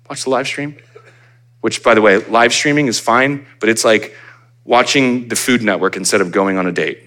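Bright-voiced animated male pastor. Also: fairly low pitch. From United States. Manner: animated, conversational preaching with acted-out asides. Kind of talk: sermon.

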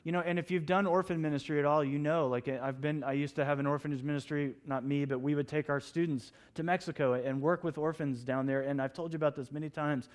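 Animated man preaching a sermon. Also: on the high side, quick pace, hardly any pauses. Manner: animated storytelling, acts out his own shouts. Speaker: pastor.

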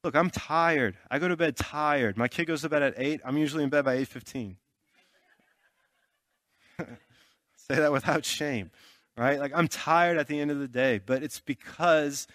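A man's voice: fairly high pitch, a little slow, long pauses, a bit bright, dry recording, clean studio sound. A man giving a sermon through a personal story, talking loosely and conversationally with lots of fillers and check-ins. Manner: checks in with listeners often. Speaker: pastor.

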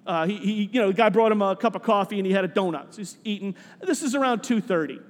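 A man tells a story as part of a sermon and brings the people in it to life. His voice is unusually high for a man, and he often repeats words. A long echo from a large hall trails his speech. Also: fast. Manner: animated storyteller, voicing characters, repeating words.

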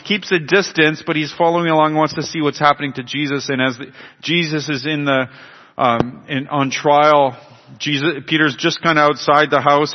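A male pastor preaches a sermon in a church. His speech is full of restarts, and he acts out the quotes. The sound is muffled and carries a long hall echo. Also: medium pitch. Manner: retells scripture with acted quotes, many restarts.

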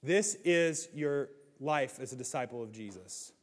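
A man preaching a sermon as pastor, animated, swinging between loud, excited stretches and hushed ones. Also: mid-range voice, a little slow. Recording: hall reverb.

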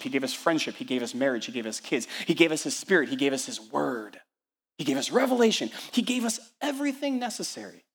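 Energetic preaching pastor, man. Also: medium pitch, husky. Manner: energetic preaching with rhetorical questions and repeated lists. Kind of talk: sermon. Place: church.

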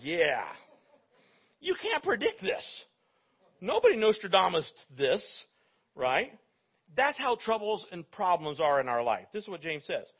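A man's voice: high-pitched, wildly swooping pitch, measured pace, long pauses, husky. A male pastor preaching a sermon in a conversational way, with joking asides to his congregation. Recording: dull lo-fi recording.

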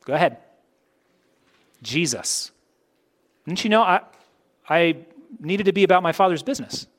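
A man preaching a sermon with a fairly high voice. He talks conversationally, pushing hard on his main points, then dropping into quiet, low asides. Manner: conversational preaching, swings between loud emphasis and soft, low asides. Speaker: pastor.

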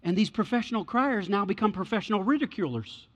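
A man with a high voice preaches in an animated, colloquial way and keeps repeating his points. His voice rings with a long reverb through a large church hall, and the recording sounds dull and lo-fi. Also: fast talker. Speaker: pastor. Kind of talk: sermon.

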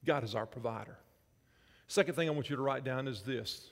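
A man's voice: mid-range voice, a little fast. A man preaching a sermon as pastor, telling personal stories and asking the congregation questions. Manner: storytelling with quoted voices and audience questions. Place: church sanctuary. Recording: church hall reverb.

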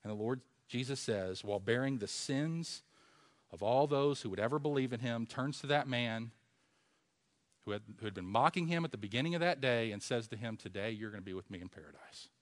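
A man's voice: mid-range voice, moderate pace. Man preaching with rhetorical questions. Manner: rhetorical questions, swinging from hushed to loud. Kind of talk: sermon.

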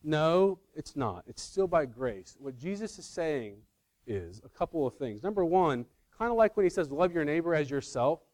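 A man with a fairly high voice preaches in an easy, conversational way, pressing hard on key points and fixing his words as he goes. The sound is dry and close, with no room echo. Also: big pitch swings, normal speed, darkish tone. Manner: conversational, self-correcting, emphatic. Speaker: pastor. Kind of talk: sermon.

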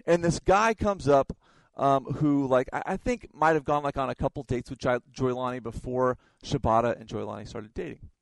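Telling stories from the pulpit, this preacher often trips over and repeats his words. He speaks at a moderate pace in a gravelly, mid-range voice, captured without echo on a low-quality recording.

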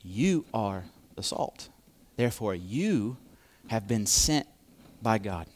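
Slow, deliberate male preacher. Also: fairly low pitch, very animated. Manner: slow, deliberate delivery with repeated emphatic phrases. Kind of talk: sermon.

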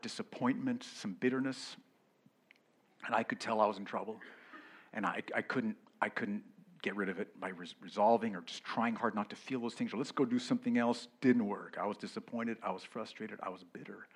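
A middle-aged male pastor preaching a sermon, moving between loud exclamations and hushed whispers. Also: medium pitch.

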